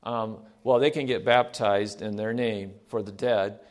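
Soft-spoken pastor preaching slowly. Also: male voice, fairly low pitch, fairly even intonation. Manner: slows down for emphasis, asks the congregation questions. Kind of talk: sermon.

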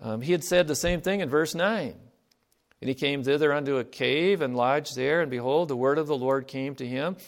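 A man's voice: on the high side, moderate pace. A man giving a sermon in a conversational way, reading scripture aloud and asking his listeners rhetorical questions. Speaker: preacher.

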